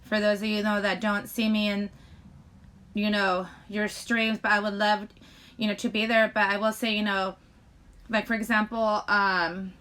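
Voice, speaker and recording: A woman's voice: medium pitch, level tone, normal speed, fairly bright tone. A woman hosting her own channel, chatting casually to viewers in a rambling way, with many restarts. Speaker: channel host. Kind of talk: casual vlog chat to viewers.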